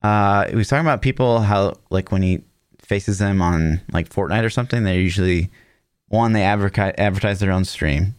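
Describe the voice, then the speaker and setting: A man's voice: low voice, a little fast, clean tone, no room sound, studio quality. A young man co-hosting a podcast in casual chat, laid-back and wry, full of fillers. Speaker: podcast co-host.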